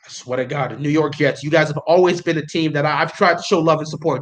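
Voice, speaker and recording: A young man livestreaming his reactions, chatting casually and getting excitable, pleading and repeating himself. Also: on the high side, fast, few pauses. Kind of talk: casual live reaction chat.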